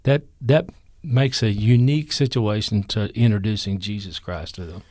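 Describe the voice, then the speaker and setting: A man, a pastor interviewed on a church radio show, speaking plainly and earnestly with halting restarts. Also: lowish voice, dark tone, dry recording. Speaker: pastor and food bank leader. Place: church studio.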